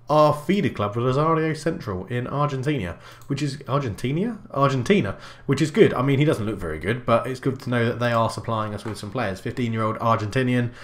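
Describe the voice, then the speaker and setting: A man casually commentating his own football management game, chatty and breaking into excited bursts of match play-by-play. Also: mid-range voice. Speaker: gaming YouTuber.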